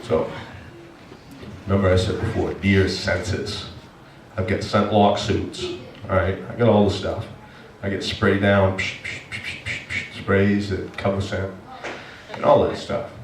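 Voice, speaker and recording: A male pastor telling a personal story in a sermon, animated and emotional, with many restarts. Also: deep voice, unhurried, long pauses, recorded from a distance, a little hiss or hum. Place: church sanctuary. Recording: echoey church room from afar.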